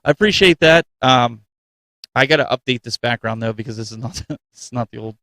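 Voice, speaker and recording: Animated, self-mocking male show host. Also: medium pitch, fairly quick, dry recording. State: getting a cold. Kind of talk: casual live-stream chat.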